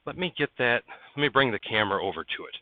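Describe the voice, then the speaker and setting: Speaking fast and expressively in a mid-range voice, this livestream host chats with his viewers from an indoor workshop barn. He greets people by name and coaxes parts along while working, and the audio is dry and tinny, phone-like, with no echo.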